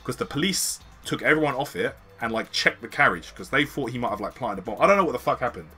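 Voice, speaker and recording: Young-sounding British streamer, bright forceful voice, slangy and sweary, spinning a tale over faint music. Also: male voice, mid-range voice, fast talker, slightly rough. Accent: British English. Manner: slangy, swearing, animated retelling. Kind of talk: casual storytelling.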